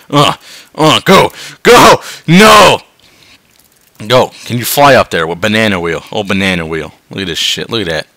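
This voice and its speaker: A man swearing his way through a game, dropping to tired mutters and then yelling in excitement. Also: medium pitch, a little slow, pauses often, no room sound. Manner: swearing, swinging between mutters and yelps. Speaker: gameplay commentator. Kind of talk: profane let's-play commentary.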